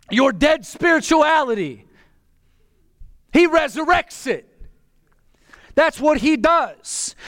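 High-voiced impassioned male preacher. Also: dry recording. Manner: impassioned, bursts into shouting. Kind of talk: sermon.

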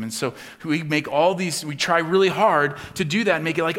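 A man preaching a sermon as pastor, acting out the voices of the people he quotes and swinging from loud to hushed. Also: a little high, fairly quick, hardly any pauses.

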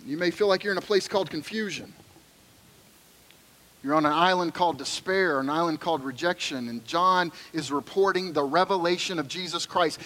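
A man's voice: a little high, normal speed, pushed and bright, rough recording. A middle-aged man preaching a sermon as pastor, conversational and joking, then earnest.

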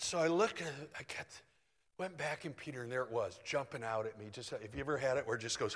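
Middle aged guy preaching, chatty and animated, bright forceful voice, long echo like a big hall. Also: medium pitch, brisk. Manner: conversational, animated, self-deprecating. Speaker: pastor. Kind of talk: sermon.

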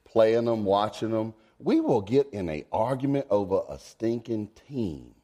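A man, preaching a folksy sermon. He swings from low asides to high, emphatic exclamations. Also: very animated, unhurried, warm tone. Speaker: pastor.

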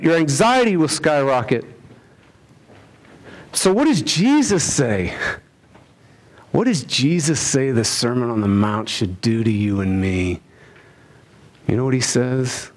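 A man preaching a sermon, driving his points home with rhetorical questions and swinging between loud emphasis and hushed lines. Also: medium pitch, expressive, slow, long pauses. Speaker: pastor.

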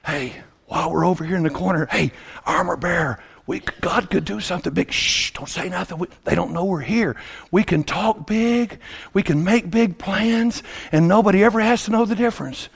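A man from Tennessee, preaching a sermon in a folksy, animated storytelling way that swings up to shouting. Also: sits high, normal speed, vocal fry, slightly rough.

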